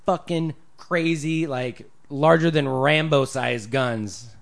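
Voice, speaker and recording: A man co-hosting a casual podcast chat, an animated storyteller who swears freely. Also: fairly high pitch, slow, vocal fry. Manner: animated storyteller, swears freely, jumps into loud put-on voices. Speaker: podcast co-host.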